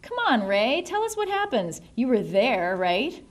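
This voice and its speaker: A woman's voice: on the high side, big pitch swings, measured pace, pitched above the performer's own voice. Woman voicing a restless male inmate, needling, pushy, audiobook.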